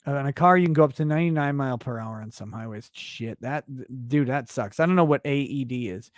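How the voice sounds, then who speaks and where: A man's voice: mid-range voice, fast, hardly any pauses, no echo, studio quality. A man hosting a livestream who rants in a blunt, profane, riffing way. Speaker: livestream show host. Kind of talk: casual livestream rant.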